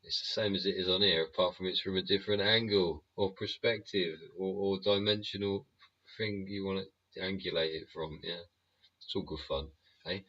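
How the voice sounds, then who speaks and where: A deep-voiced man hosts a live stream in a blunt, rambling rant full of swearing. His voice is husky yet forceful. The audio is dull and lo-fi. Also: steady tone, moderate pace. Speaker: livestream host.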